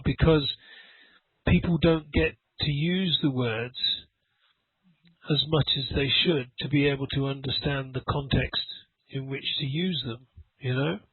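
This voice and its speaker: A man teaching English in a relaxed conversation lesson, a chatty storyteller who laughs often. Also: on the high side, slightly rough, no room sound. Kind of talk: casual conversation lesson over a call. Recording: phone-like dry audio call.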